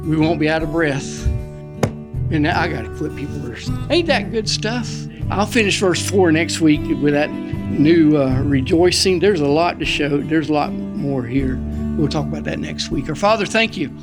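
A middle-aged man preaching a sermon in a folksy, excitable storytelling way, out of breath. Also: on the high side, unhurried, loud music behind the voice. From Florida. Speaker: pastor.

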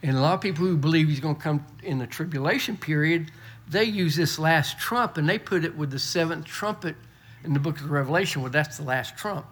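A man's voice: a little high, a little fast, a bit bright, husky. A middle-aged man preaching a folksy sermon, often repeating and restarting words. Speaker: pastor. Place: church.

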